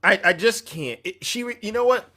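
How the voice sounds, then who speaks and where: A man's voice: high voice, moderate pace, sharp tone. A man hosting an opinion commentary show, talking emphatically in a preachy tone and often breaking off mid-sentence. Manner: emphatic, preachy, self-interrupting.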